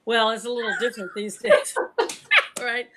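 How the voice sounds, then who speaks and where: A woman's voice: on the high side, a little fast, heavy background noise. An older woman, a singer and actress, chatting casually as a guest, telling stories with frequent laughs. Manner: lively storyteller, laughs often. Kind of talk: casual video-call chat.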